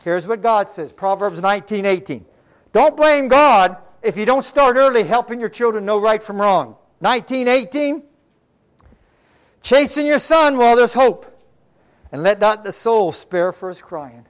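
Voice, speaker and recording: A man's voice: high-pitched, animated, unhurried. An older man preaching a sermon in a folksy, conversational way, mixing scripture with homespun stories. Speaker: pastor.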